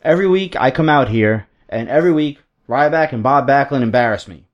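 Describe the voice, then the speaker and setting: A man's voice: mid-range voice, lively intonation, fairly quick, lo-fi sound, lightly acted. A man voicing a frustrated male wrestler who airs his grievances. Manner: aggrieved complaining.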